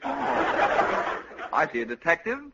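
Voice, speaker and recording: A man's voice: on the high side, sing-song, slow, vocal fry, heavy background noise. A man hosting a 1950s radio comedy interview, polite and dry, with faint sarcasm. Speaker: host. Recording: dull lo-fi old radio recording.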